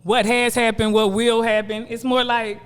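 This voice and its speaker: A woman's voice: a little high, little pitch movement, normal speed, smooth, in a large hall. A woman guest comedian in casual podcast chat, brash, blunt and joking.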